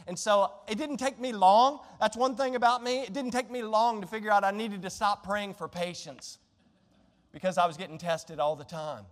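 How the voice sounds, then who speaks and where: A man preaching a sermon to a congregation, shifting between impassioned, conversational preaching and quiet pleading. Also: high voice, fairly even intonation, normal speed. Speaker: pastor. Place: church sanctuary. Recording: long church reverb.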